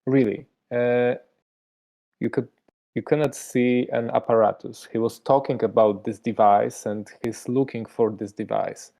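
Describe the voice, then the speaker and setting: A game master with a Polish accent, narrating a tabletop horror game in halting English full of fillers. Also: mid-range voice, steady tone, creaky, mellow.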